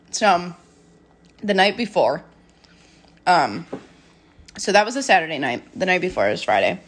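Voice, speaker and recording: A woman's voice: fairly low pitch, sing-song, a little slow, long pauses, breathy edge. A young woman from the American Midwest co-hosting a casual chat, telling stories with lots of giggles and acted-out quotes. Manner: giggly storytelling, acts out quotes. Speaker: podcast co-host.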